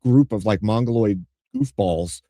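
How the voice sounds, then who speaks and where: A man's voice: fairly low pitch, lively intonation, measured pace, warm tone, no room sound, clean studio sound. A man hosting a live-stream debate, asking pointed, probing questions. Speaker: host.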